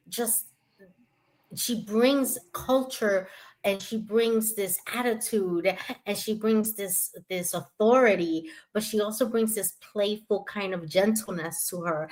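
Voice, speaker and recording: A woman's voice: medium pitch, fairly bright tone. A woman co-hosting a casual podcast chat, talking with gushing enthusiasm and many fillers. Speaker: podcast co-host.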